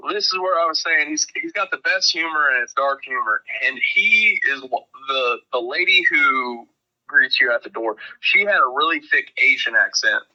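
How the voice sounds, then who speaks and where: Man, podcast guest, bright sharp voice, rambling profane storyteller, dull recording. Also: on the high side, animated, normal speed. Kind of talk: casual chat. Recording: dull lo-fi sound.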